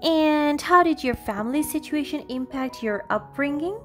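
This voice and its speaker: A woman's voice: sits high, expressive, moderate pace, soft background music, voice pushed up. A woman reading the lines of a dismissive, prying job interviewer who talks down to a candidate. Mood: condescending. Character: condescending female job interviewer.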